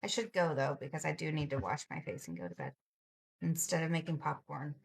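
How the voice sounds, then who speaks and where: A woman's voice: deep voice, very animated, a little fast, gravelly, slightly rough. Chatty woman streaming to viewers. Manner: chatty, answers viewer comments, laughs often. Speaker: livestream host. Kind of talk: casual live-stream chat with viewers.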